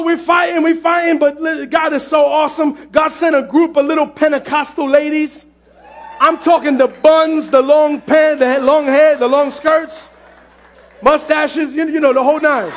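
High-pitched shouting preacher man. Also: measured pace. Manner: fervent preaching, often shouting; animated storytelling with exclamations. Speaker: pastor. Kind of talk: sermon. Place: church sanctuary.

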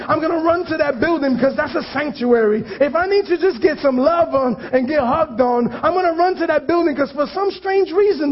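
High-voiced pastor preaching casually. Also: male voice. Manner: conversational preaching, self-deprecating asides, repeated phrases for emphasis. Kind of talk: sermon. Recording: dull lo-fi church recording.

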